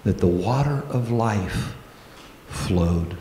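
Male pastor, low voice, slow deliberate sermon delivery, reverberant sanctuary sound. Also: expressive, warm tone, a little hiss or hum. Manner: earnest, slow preaching with prayerful pauses. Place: church sanctuary. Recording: echoey church hall.

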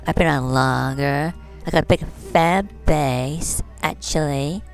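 A woman's voice: low-pitched, measured pace, vocal fry, faint music behind. A woman voicing a vain, catty fashion doll who talks in valley-girl slang and brags while commenting on a game. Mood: boastful. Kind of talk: comedic game commentary in character.

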